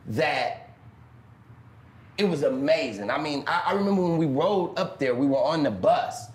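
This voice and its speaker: In a reverberant interview clip played on a stream, a man who works as a pimp tells animated stories. His voice is fairly high with lively intonation at a normal speed, and he swears a lot while acting out other people's voices.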